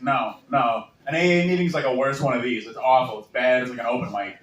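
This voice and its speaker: A man's voice: mid-range voice, brisk, few pauses, fairly bright tone. A man with a Boston accent works a small crowd in a stand-up set, loose and bantering. He is picked up from a distance, and the room rings with echo. Faint ambient noise sits underneath. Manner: loose, crowd-work banter, laughs between jokes. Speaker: stand-up comedian. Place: bar or small venue with live crowd.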